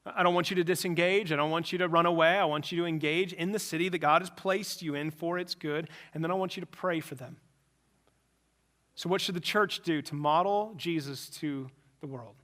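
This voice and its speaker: A man preaching a sermon at his church, animated and conversational, often acting out what imagined people would say. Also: a little high. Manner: animated, acts out imagined people in quick asides. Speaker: pastor.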